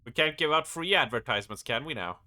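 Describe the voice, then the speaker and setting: Bright-voiced joking male streamer. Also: medium pitch, animated, fast. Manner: joking, rambling, often laughing at himself. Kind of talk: casual live-stream chat while gaming.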